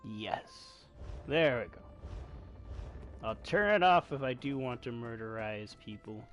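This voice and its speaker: Excitable young man narrating gameplay. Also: mid-range voice, unhurried, lo-fi sound, faint music behind. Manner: excitable, jokey, swearing. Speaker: gaming streamer. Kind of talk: casual gameplay commentary.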